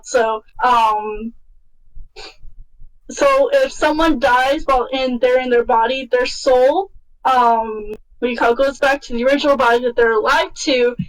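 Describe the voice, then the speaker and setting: A woman's voice: a little high, recorded from a distance, low-quality recording. A woman co-hosting a podcast in casual chat, rambling and hunting for words with many fillers. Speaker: podcast co-host.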